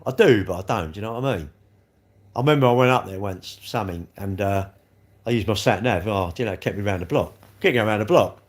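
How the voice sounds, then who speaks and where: Chatty South East London man rambling. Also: fairly low pitch. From England. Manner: rambling, chatty, full of tag questions. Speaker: livestream host. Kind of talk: casual live-stream chat.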